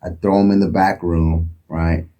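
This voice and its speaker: A man from Oakland, California, telling a profane, animated story as a guest in a casual interview. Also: sits low, normal speed, muffled recording. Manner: profane, animated retelling with acted quotes.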